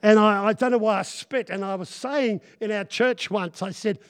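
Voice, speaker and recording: Male preacher, high voice, loud and rambling, jokes and crowd call-outs. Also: normal speed. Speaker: guest preacher. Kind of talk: sermon.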